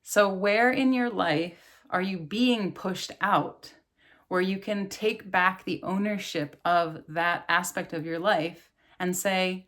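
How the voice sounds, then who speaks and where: A woman's voice: fairly low pitch, takes it slowly, a bit bright. A woman in her thirties, a yoga and meditation teacher, giving an earnest, casual spiritual talk and laughing often.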